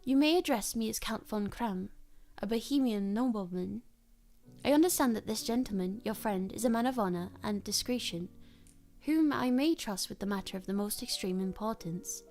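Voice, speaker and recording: A woman's voice: medium pitch, animated, moderate pace, a little mellow, faint music behind, lightly acted. A woman voicing an imposing, guarded male nobleman in a read-aloud story. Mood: formal.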